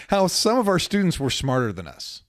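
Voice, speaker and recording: A man's voice: on the high side, huge pitch swings, moderate pace, dry recording, clean studio sound. A man co-hosting a faith and psychology podcast, a therapist who chats casually, jokes and rambles. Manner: joking, rambling with restarts. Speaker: podcast co-host, marriage and family therapist.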